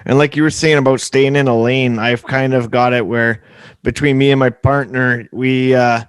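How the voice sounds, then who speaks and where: Laid-back Canadian host, dry close sound. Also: male voice, mid-range voice, steady tone, moderate pace, clear, resonant tone, dry recording. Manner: laid-back, swears casually. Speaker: podcast host. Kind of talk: casual conversational interview.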